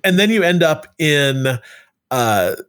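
A man's voice: fairly high pitch, very animated, takes it slowly, fairly bright tone. A man co-hosting a casual chat, rambling with many restarts and fillers. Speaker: podcast co-host.

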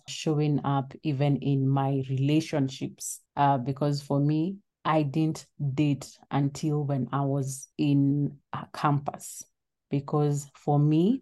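Low, shaky-voiced woman in her thirties. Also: warm tone. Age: 30s. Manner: earnest, reflective, sometimes trailing off. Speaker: interview guest, lawyer and advocate. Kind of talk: personal testimony in an interview.

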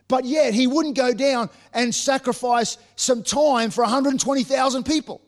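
A man with a high voice preaching a sermon to his congregation. He stumbles and repeats words as he restarts his sentences. Now and then he acts out what the Bible figures say. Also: normal speed. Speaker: pastor.

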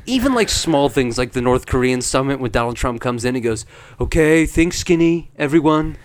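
A man's voice: mid-range voice, big pitch swings, a little fast, no room sound. A man co-hosting a podcast, riffing playfully in casual comedic banter. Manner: riffing, playful, laughing, doing bits. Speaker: podcast co-host.

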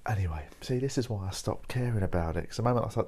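Deep-voiced rambling man. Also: fast, few pauses, darkish tone. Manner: rambling, informal, swears, says "mate" and "like" a lot. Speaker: podcast host. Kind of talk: casual monologue over coffee.

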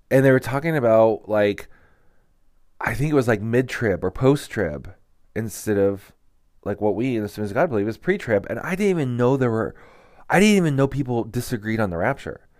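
A man's voice: mid-range voice, no echo. Rambling casual man, dry sound. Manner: rambling, many "like" fillers and restarts; candid, storytelling. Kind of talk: casual teaching talk.

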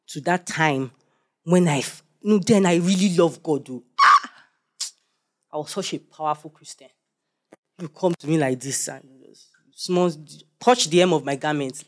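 A young man preaching a sermon, animated and joking as he quizzes the congregation. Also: fairly high pitch.

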